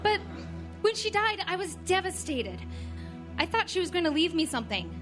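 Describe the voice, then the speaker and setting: A woman voices a greedy grown daughter in a comedy ad, her voice very high. She whines with self-pity. Music plays behind her. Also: very animated, normal speed. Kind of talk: comedy ad sketch.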